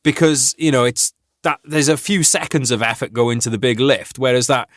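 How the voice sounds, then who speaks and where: A man who is an army veteran, hosting a podcast in a relaxed, laughing chat full of swearing and banter. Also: mid-range voice, brisk, no room sound, clean studio sound. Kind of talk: casual chat.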